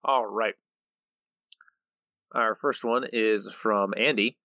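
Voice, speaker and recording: Bright-voiced man co-hosting a podcast. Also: lowish voice, steady tone, takes it slowly, no echo, lo-fi sound. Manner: reads quotes with playful voices and laughs. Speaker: podcast co-host. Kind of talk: casual chat reading listener quotes.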